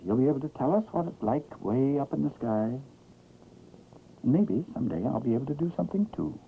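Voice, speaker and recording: A man's voice: medium pitch, expressive, a little fast, gravelly. A man voicing a small, earnest male baby chick in a 1960s cartoon, talking eagerly and hopefully. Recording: muffled, hissy 1960s film soundtrack.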